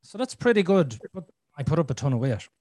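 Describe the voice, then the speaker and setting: A man's voice: on the high side, sing-song, quick pace, mellow, dry recording. A man in his thirties hosting a podcast, telling a frank, rambling personal story and swearing freely. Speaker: podcast host. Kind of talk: candid conversational storytelling.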